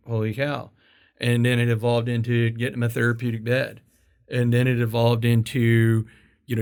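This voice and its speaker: A man hosting an interview, telling stories in a casual, animated way, laughing and swearing as he goes. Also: mid-range voice, vocal fry. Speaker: podcast host.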